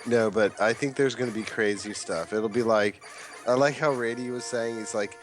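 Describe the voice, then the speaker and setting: A young man streaming a game, chatting casually and quoting people in a lively raised voice. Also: medium pitch, normal speed, soft background music. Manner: animated storyteller, quotes others in raised voice. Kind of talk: casual chat while gaming live.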